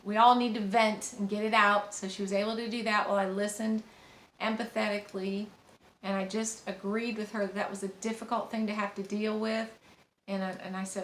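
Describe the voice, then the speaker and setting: Middle-aged woman, soft-spoken parenting teacher, meandering delivery, roomy echo, faint background hum. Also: medium pitch, steady tone, moderate pace. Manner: gentle, rambling, many fillers and restarts. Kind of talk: informal teaching monologue with anecdotes. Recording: echoey room with faint ambient noise.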